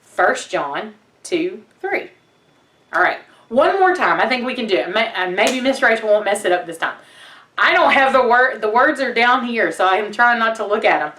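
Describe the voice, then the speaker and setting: A woman's voice: on the high side, lively intonation, pushed and bright. Woman teaching children in a roomy space. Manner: encouraging, patient, speaks slowly when reciting. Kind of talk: teaching a memory verse to children. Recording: roomy sound from a distance.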